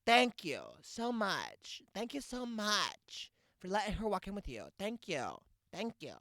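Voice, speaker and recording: A man doing a shrill, frantic suburban mom. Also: big pitch swings, unhurried, bright, forceful tone, no room sound, studio quality, heavily acted. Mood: gushing. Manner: shrill, breathless, repeating herself. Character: frantic gushing suburban mom yelling from her SUV.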